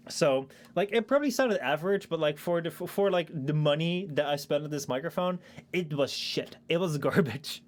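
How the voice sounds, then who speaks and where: A young man with a slightly high voice and lively intonation chats on his stream at a normal pace. He rambles, filling gaps with fillers and casual swearing, into a shotgun mic at his home streaming desk.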